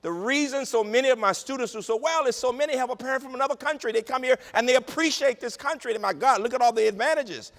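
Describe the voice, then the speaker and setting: A man giving an inspirational keynote speech in a large conference hall, with a rhythmic, repetitive cadence that drops to a hush in tender moments. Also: extremely high pitch, fast, few pauses. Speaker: keynote speaker, university president. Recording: long hall reverb over a PA.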